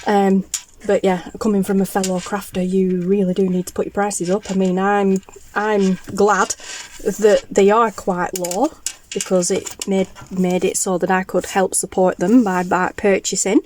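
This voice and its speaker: A woman's voice: mid-range voice, little pitch movement, a little slow, darkish tone, slight background noise, rough recording. Gushing woman vlogger. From northern England. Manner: gushing, enthusiastic, chatty with restarts. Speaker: craft vlogger. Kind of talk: casual show-and-tell haul.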